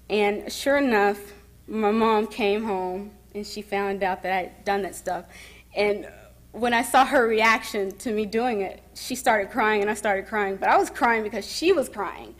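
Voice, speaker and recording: A young woman sharing her story at a summit. She speaks softly and with emotion, pausing and starting over as she goes. Her voice sits at an ordinary pitch for a woman. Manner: soft-spoken and emotional, pausing and restarting. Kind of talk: personal testimony speech. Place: summit event.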